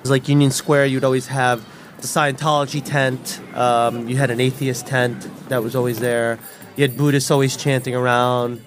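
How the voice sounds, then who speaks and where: Man, mid-pitched, lively storyteller who acts out the voices in his tale, faint music underneath. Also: normal speed. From New York City. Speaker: storyteller guest. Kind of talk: personal storytelling.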